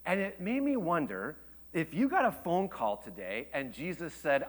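A man in his thirties preaching a sermon, telling a personal story with rhetorical questions and dropping to a hush for emotional points. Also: sits high, huge pitch swings, a little slow. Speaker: pastor.

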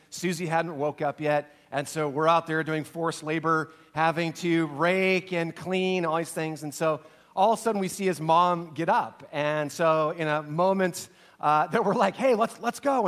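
Middle-aged male pastor, fairly high voice, earnest storyteller, goes soft and low when moved. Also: fairly even intonation, moderate pace. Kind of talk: sermon with personal story.

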